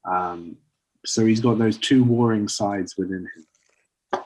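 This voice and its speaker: A man casually pitching a story idea to friends, rambling with lots of fillers. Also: slow pace, a little mellow, slight background noise, poor audio. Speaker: podcast co-host pitching a story. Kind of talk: casual chat.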